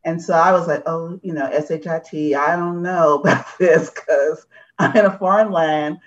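Middle-aged woman, candid storyteller in a group talk, lively and animated, lo-fi sound. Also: low voice, moderate pace. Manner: candid, animated, acts out voices in her stories. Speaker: discussion participant. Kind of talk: personal storytelling in a group discussion.

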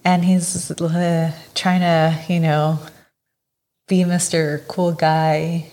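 Lower-pitched woman telling a story. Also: extremely slow. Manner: animated when telling a story, laughs, fillers. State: tired, late at night. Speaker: podcast co-host. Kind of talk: casual chat, storytelling.

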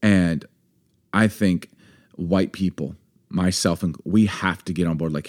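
A man's voice: sits low, measured pace, a little mellow. A man in his forties co-hosting a podcast, talking candidly and emphatically, building up heat as he argues his point. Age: 40s. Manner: impassioned, emphatic, builds to anger. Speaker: podcast co-host. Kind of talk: candid conversation.

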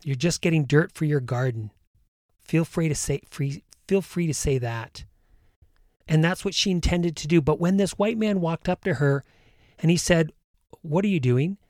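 A man hosting, earnestly retelling a story and guiding a calm breathing meditation. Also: on the high side, moderate pace, no room sound, clean studio sound.

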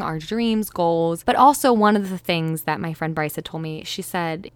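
A woman's voice: on the low side, no echo. Giggly young woman hosting a podcast. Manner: chatty and giggly, with bursts of laughter and playful asides. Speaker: podcast host. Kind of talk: casual storytelling monologue.

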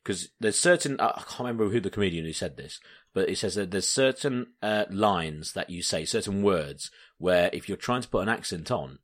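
A man's voice: low-pitched, expressive, a little fast. A man hosting a podcast, chatting casually, rambling and laughing at his own jokes. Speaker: podcast host. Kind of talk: casual chat.

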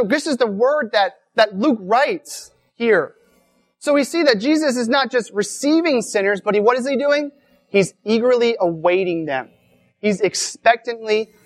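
Her voice on the high side and her pace a little slow, a woman preaches conversationally at a weekend church retreat. She's casual, tends to repeat words, and frequently asks "right?" and other rhetorical questions.

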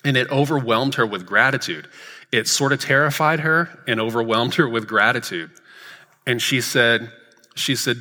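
A man's voice: mid-range voice, normal speed, pushed and bright. A man in his thirties preaching a sermon in a church sanctuary, telling a story earnestly and building to emphatic repeated lines. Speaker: pastor. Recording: reverberant hall.

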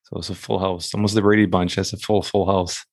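A man's voice: deep voice, flat delivery, brisk, no room sound, studio quality. A man interviewing a guest, asking follow-up questions and laughing often. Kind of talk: casual interview.

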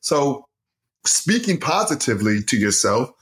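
A middle-aged man hosting a casual conversation, animated and quick to laugh. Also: medium pitch.

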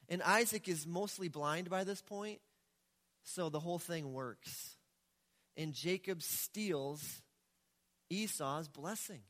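High-voiced pastor preaching in a hall. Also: male voice, takes it slowly. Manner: conversational, animated storytelling. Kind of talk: sermon. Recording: echoey hall with long reverb.

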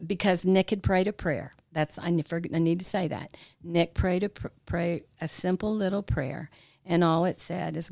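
A woman's voice: sits low, fairly even intonation, a little slow, creaky, a little mellow, no room sound, studio quality. An older woman, mother of the hosts, telling a long family story in a rambling way with many fillers. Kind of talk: storytelling in casual family chat.

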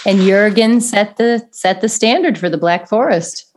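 Chatty woman co-host, quick to laugh. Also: mid-range voice. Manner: chatty, quick to laugh, tells personal asides. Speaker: podcast co-host. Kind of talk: casual chat reviewing a baking show.

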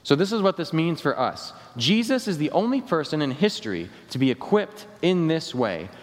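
Preaching pastor, lively, in a reverberant hall. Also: male voice, on the high side. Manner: preaching with falling endings and slowed emphatic phrases. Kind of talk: sermon. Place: church sanctuary. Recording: long reverb of a church hall.

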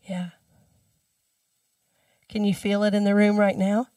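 A woman minister giving a sermon in a chatty storytelling way, dropping her voice low when she repeats the mantra. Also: normal speed, pauses often, dry recording, far from the mic. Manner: conversational storytelling, speaks the mantra softly.

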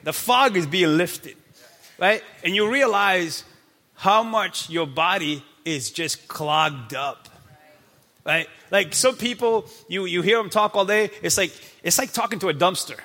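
A man in his thirties preaching a lively, playful sermon in a church, acting out quick voices as he goes. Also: high voice. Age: 30s. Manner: energetic, playful, acts out God's voice. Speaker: pastor. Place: church sanctuary. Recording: long hall reverb.

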